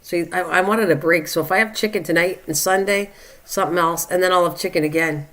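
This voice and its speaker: A woman's voice: lowish voice, steady tone, fairly quick, fairly bright tone. An older woman hosting a live stream in a casual, rambling way, reading out viewer comments and chatting back to them. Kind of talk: casual chat.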